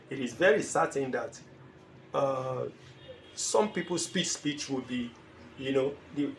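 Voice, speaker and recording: Speaking in a gravelly, somewhat high voice, a man who teaches IELTS lectures his class on exam preparation. He repeats phrases emphatically and occasionally acts out short exchanges. Faint ambient noise fills the echoing room.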